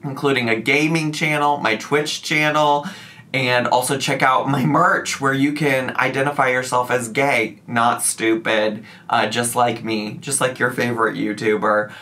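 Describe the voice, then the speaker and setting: A man talking casually to his camera in a vlog, chatty and animated, now and then slipping into a joking southern twang. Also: mid-range voice, measured pace. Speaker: YouTuber.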